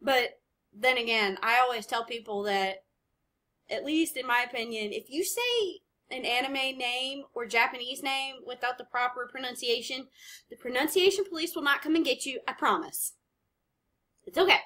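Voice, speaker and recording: A woman hosting an anime reaction video, chatting casually and rambling as she pauses to comment. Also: sits high, pushed and bright.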